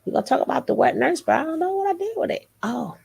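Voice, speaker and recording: A woman's voice: high voice, sing-song, fast, creaky, a little mellow. A woman hosting a live stream in a casual chat style, playful and teasing as she greets viewers by name. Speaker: livestream host.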